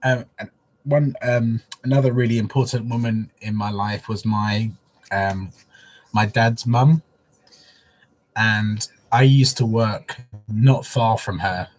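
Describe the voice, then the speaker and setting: Brief: male livestream host, husky tone, soppy and chatty, recorded at home. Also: fairly low pitch, steady tone, slow pace. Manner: openly emotional, soppy, chatty. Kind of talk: casual live-stream chat. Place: at home, in a living room.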